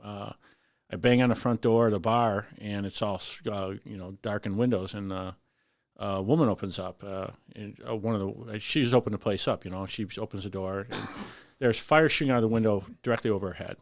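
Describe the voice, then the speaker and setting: Veteran fire lieutenant, fairly low voice, lively storyteller; dry studio sound. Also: male voice, brisk, dry recording. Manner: animated, acts out voices in his story. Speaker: firefighter lieutenant guest. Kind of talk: casual storytelling on a podcast.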